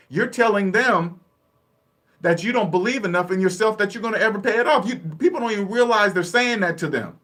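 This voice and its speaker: A man talking bluntly and casually about money and debt, laughing often and acting out quick little dialogues. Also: high-pitched, a bit bright. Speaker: personal finance vlogger. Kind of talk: casual live-stream talk.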